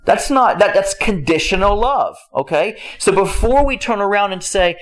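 A man's voice: high voice, lively intonation, normal speed, few pauses, fairly bright tone. A man preaching a conversational sermon, emphatic and repetitive, often breaking off with a rhetorical "hello?" and chuckling as he talks. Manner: chuckles while speaking.

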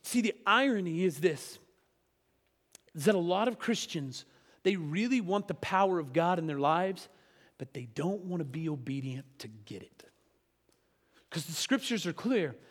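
Male pastor, higher-pitched voice, conversational sermon, lots of tag questions, long hall reverb. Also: animated, a little slow, pauses often.

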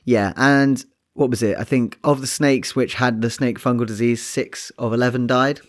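Relaxed man chatting about science. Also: medium pitch, normal speed. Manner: relaxed, thinking aloud with restarts and fillers. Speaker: podcast co-host. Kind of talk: casual science chat.

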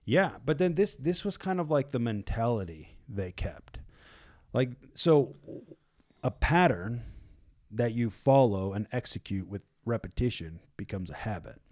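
A man in casual faith chat, retelling a Bible story in a loose, animated way, full of fillers and acted-out voices of a panicked crowd. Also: mid-range voice, a little slow. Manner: loose and animated, many fillers like "like" and "you know".

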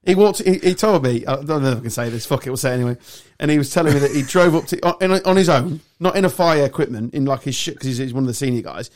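A man's voice: mid-range voice, quick pace, few pauses. A man hosting a podcast, ranting and joking casually with friends. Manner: animated ranting, swearing and laughing. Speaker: podcast host.

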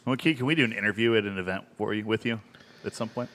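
A man's voice: fairly low pitch, fast, fairly bright tone, big-room sound, slight background noise. A man co-hosting a casual podcast, telling rambling, profane stories between laughs. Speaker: podcast co-host. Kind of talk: casual beer podcast banter.

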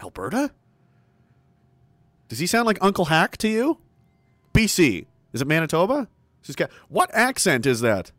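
A man's voice: sits high, wildly swooping pitch, moderate pace, long pauses, a bit bright, no echo, clean studio sound. Profane, combative middle-aged man. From Canada. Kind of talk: ranting monologue.

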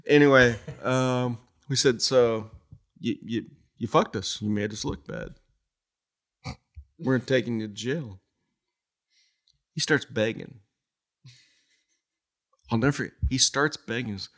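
Ex-cop guy telling stories, lively up and down voice, laughs a lot, swears casual. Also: medium pitch, takes it slowly, creaky, pauses often. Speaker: retired police officer guest. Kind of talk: storytelling in casual interview.

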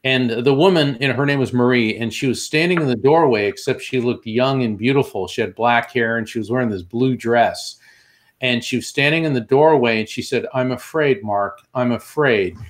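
A man tells his story with lively energy and slips into the voices of the people in it. His voice sits in an ordinary middle pitch and he talks at an easy conversational pace, sometimes speeding up. He sounds like a guest talking in an interview. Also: a little fast. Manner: animated storyteller, acts out quoted voices. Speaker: guest, medium.

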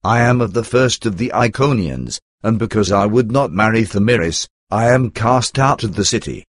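A man reading the lines of a devout, steadfast young woman in measured, unhurried storybook narration. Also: on the low side, lively intonation, dry recording, clean studio sound. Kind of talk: scripted reading aloud.

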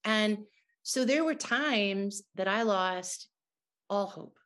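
A woman's voice: medium pitch, animated, slow pace, fairly bright tone. A middle-aged woman, a guest in an interview, telling a personal testimony in an earnest, emotional way.

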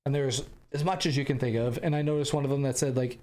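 A man's voice: medium pitch, fairly even intonation, fast, a little mellow. A young American man hosting a podcast, telling a travel story casually with rambling restarts and bursts of laughter. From United States. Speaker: podcast host.

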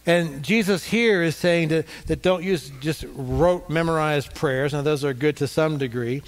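Man, pastor, sermon, repeats for emphasis, fairly high voice, long hall echo. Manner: repeats points for emphasis, pausing with fillers.

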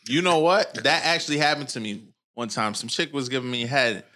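A man co-hosting a podcast, telling a crude story in a casual, lively way. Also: medium pitch, a little fast. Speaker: podcast co-host.

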